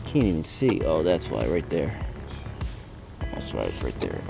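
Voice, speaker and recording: A man's voice: lowish voice, big pitch swings, moderate pace, creaky, mellow, faint music behind. A man hosting a vlog, working on a car in a garage and telling a story in a joking, casual way that includes some swearing. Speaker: vlog host doing car repairs. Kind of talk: casual hands-on narration and storytelling.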